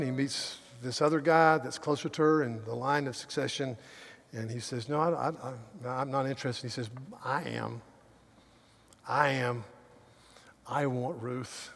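A man preaching a sermon. He stumbles over restarts and swings from loud emphasis to quiet asides. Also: medium pitch, husky. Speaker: pastor. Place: church sanctuary. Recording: long reverb of a large hall.

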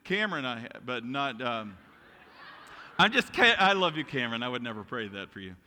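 Animated preacher, sharp and bright. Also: male voice, mid-range voice, fairly quick. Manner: animated storytelling with self-mocking jokes. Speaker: pastor. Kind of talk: sermon. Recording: long reverb in a hall.

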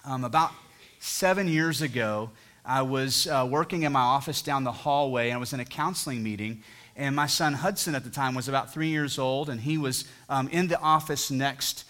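A church pastor in his thirties delivers an earnest sermon in the sanctuary, acting out quotes dramatically as he tells stories. He speaks at medium pitch and normal speed, his tone a bit bright.

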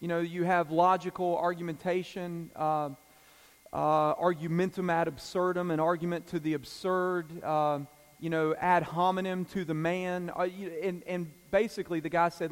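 A pastor preaching a Wednesday evening sermon in a conversational way, with filler words and side comments, who also reads scripture aloud at a measured pace. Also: male voice, sits high, little pitch movement, clean tone, long reverb tail. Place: church sanctuary.

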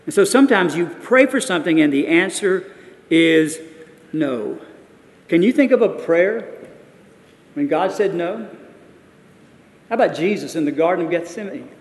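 Older man, sixties, preaching; storytelling that rises to forceful peaks, voice on the higher side, long hall reverb. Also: expressive, moderate pace. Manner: storytelling, builds to emphatic peaks. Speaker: pastor. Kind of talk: sermon.

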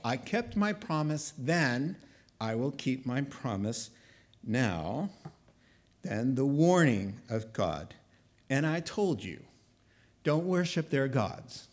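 A man preaching a sermon with animated delivery, acting out God's words in the first person. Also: medium pitch, slow. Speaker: pastor.

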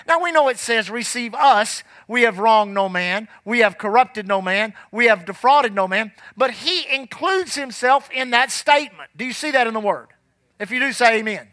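A man preaching a sermon in a folksy, emphatic way, slowing down to read scripture aloud. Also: very high voice, lively intonation, pushed and bright, dry recording. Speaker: pastor.

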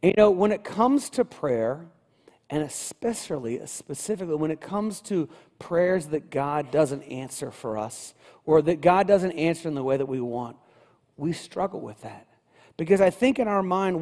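A male pastor preaching a sermon in a church, building rhythm through repeated phrases and swinging between quiet and loud. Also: fairly high pitch, animated, normal speed. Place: church sanctuary. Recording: long hall reverb.

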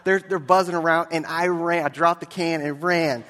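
Man, pastor, sermon, loud then hushed, slightly high voice, long hall echo. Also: fairly even intonation, moderate pace. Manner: storytelling, swings from loud to hushed.

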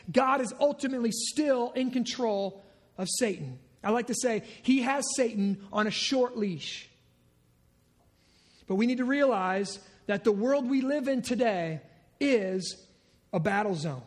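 A pastor preaching a sermon with animated energy, often dropping to low, muttered asides and rhetorical questions to the congregation. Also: male voice.

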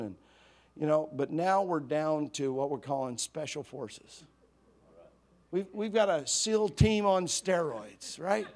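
A male pastor preaching a sermon in a conversational, humorous storytelling way. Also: high voice.

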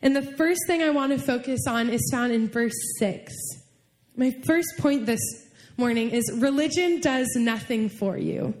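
Young female pastor, high-pitched, lively conversational sermon delivery. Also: unhurried. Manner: animated, chatty, with fillers and laughs.

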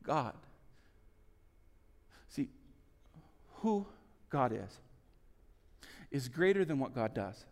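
A man preaching a sermon, telling stories with lively swings between loud, urgent lines and soft, hushed ones. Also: mid-range voice, drawn-out words, long pauses, big-room sound. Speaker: pastor.

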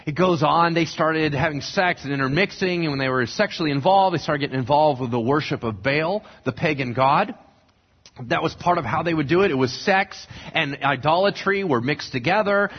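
Husky man, preaching, animated delivery, dull lo-fi recording. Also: on the high side. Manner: animated, acts out characters in quick voices. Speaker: pastor. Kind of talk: sermon storytelling. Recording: dull lo-fi sound.

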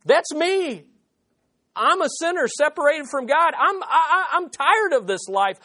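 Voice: high-pitched, expressive, unhurried, bright, forceful tone, no room sound, clean studio sound, pitched above the performer's own voice, heavily acted. A preacher voicing a humble sinner gladly turning to faith in a sermon. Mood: eager. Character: humble repentant sinner admitting need.

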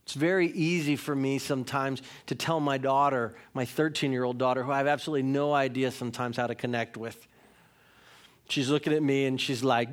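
A man's voice: medium pitch, steady tone, a little fast. Man preaching a candid sermon. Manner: conversational, candid storytelling with self-mocking humor. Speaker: pastor.

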